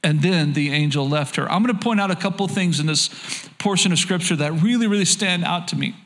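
A man's voice: sits high, a little fast, fairly bright tone. A man preaching a sermon as pastor, earnest and conversational, often repeating words as he reads and explains scripture.

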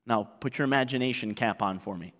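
A man from Canada preaching a sermon as pastor, swinging from quiet asides to loud, acted-out exclamations. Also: medium pitch, fairly quick. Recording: long reverb of a large hall.

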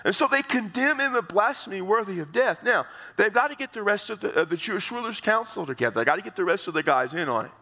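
A man preaching an earnest sermon, walking his listeners through a passage. His voice is bright and ringing, set a little high. He stumbles over repeated words and climbs higher when he presses a point. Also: expressive, fast. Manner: earnest, repeats words while explaining, rises in pitch for emphasis. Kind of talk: expository sermon.

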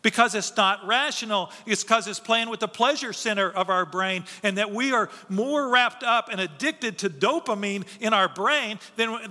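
Pastor type, man, high and very bright voice, earnest conversational preaching, hall reverb. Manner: conversational, earnest, with filler restarts. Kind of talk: sermon.

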